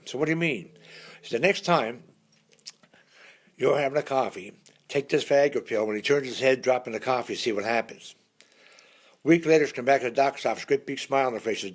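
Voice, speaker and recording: A man's voice: medium pitch, brisk. A man telling jokes in a casual folksy way on a live stream, often laughing at his own punchlines.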